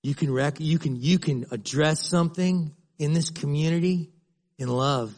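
A middle-aged man preaching to his congregation in a relaxed, conversational way. His voice sits a little high, and he slips into short acted-out exchanges to make his points. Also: moderate pace. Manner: conversational preaching, acting out dialogue. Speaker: pastor. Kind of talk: sermon.

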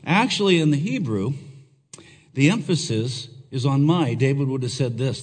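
A male pastor delivering a sermon in a church, earnest and emphatic, leaning on rhetorical questions. His voice sits at an everyday middle pitch. It carries a long reverb, as in a large hall. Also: expressive, moderate pace, slightly rough.

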